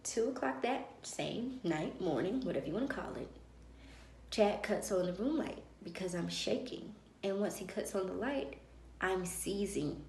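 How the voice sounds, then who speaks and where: A woman vlogger telling a personal story in a lively way and acting out the dialogue of others. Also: medium pitch, unhurried, gravelly, slight background noise. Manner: animated, acts out dialogue. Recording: roomy echo.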